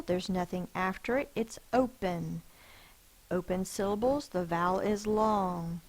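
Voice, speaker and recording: A woman teacher giving a phonics lesson, sounding out words slowly and carefully. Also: fairly low pitch, rough recording.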